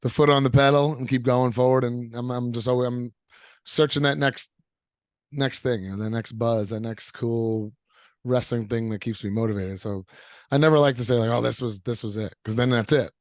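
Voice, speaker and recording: A man's voice: medium pitch, steady tone, moderate pace, no echo, studio quality. A man in his thirties, a wrestler answering interview questions in an upbeat, easygoing way, rambling a little with fillers. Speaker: professional wrestler guest.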